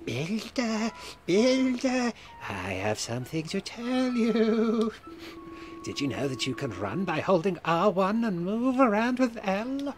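An eager hint-giver calls out in a high, sing-song voice, as a man puts it on. The pitch climbs far above a plain speaking voice and bounces widely, with soft music faint behind it. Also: big pitch swings, takes it slowly, full character voice.

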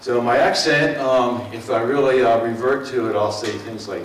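Speaking for a water district, this middle-aged man from the Mid-Atlantic, with a Philadelphia and South Jersey accent, addresses a community forum in a folksy, meandering way, stumbling through fillers and restarts. His voice is mid-range and steady, at a moderate pace. He's well back from the mic, so the echoey meeting room rings around him, with a faint hum underneath.

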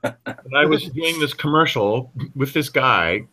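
A middle-aged man, a voice actor guest on a podcast, telling animated stories with a lot of halting restarts. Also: mid-range voice, slight background noise. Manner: animated storyteller with many restarts. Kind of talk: casual podcast interview.

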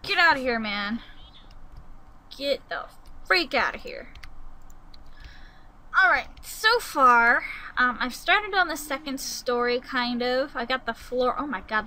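A young woman giving casual gameplay commentary, musing aloud as she builds and breaking into sudden excited outbursts. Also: a little high, slow, pauses often, a little hiss or hum, poor audio. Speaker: Let's Play gamer.

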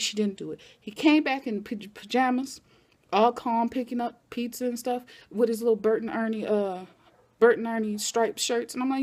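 Animated woman recapping a TV episode. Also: fairly high pitch, normal speed. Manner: animated, talks back at the characters. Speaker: TV recap vlogger.

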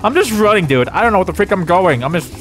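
Young dude gaming, jumpy, yelling and cussing at jump scares, rambly after, high voice. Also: male voice, fast talker, soft background music. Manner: excitable, yelps and swears at scares; rambling, self-correcting outro recap. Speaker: gaming YouTuber. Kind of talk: reactive gameplay commentary.

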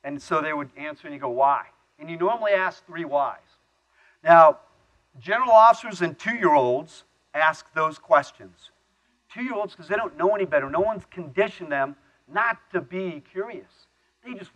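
A plain-spoken middle-aged man tells his stories from a conference stage. His voice sits a touch high, and his folksy delivery is broken up by chuckles at his own tales. The recording is dull and lo-fi. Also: lively intonation, moderate pace, a bit bright. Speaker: conference speaker. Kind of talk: storytelling keynote talk.

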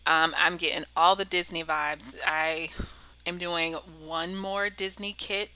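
A woman's voice: deep voice, steady tone, slow, bright, forceful tone, clear, resonant tone, no room sound, low-quality recording. A woman in her thirties chatting casually through a planner voiceover, a bit cracky-voiced, saying y'all and laughing often. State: slightly cracky voice. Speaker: planner vlogger. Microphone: voiceover mic.

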